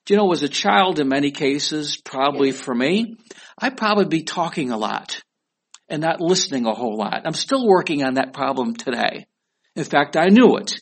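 A man's voice: a little high, very animated, moderate pace. A man preaching a sermon in a conversational way, asking his listeners questions. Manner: conversational, asks the audience questions. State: weak voice. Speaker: pastor.

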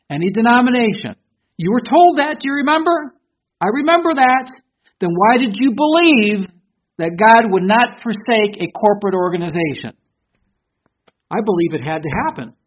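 A man preaching a sermon, swinging between loud emphasis and quiet asides, speaking into a stage microphone. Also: sits high, husky, highs cut off. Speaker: pastor.

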